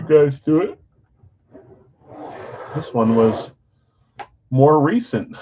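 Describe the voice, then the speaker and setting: A man's voice: on the high side, very slow, pauses often, a little hiss or hum. A man hosting a live sports card break stream, chatting casually with viewers and reading their comments aloud. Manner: chatty, counts down excitedly, reads viewer chat. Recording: slightly dull lo-fi stream audio.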